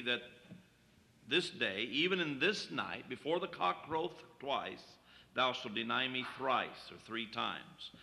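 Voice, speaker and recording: A man's voice: medium pitch, vocal fry, pushed and bright, long reverb tail. A man preaching a sermon, reading King James scripture aloud and then explaining it plainly to the congregation.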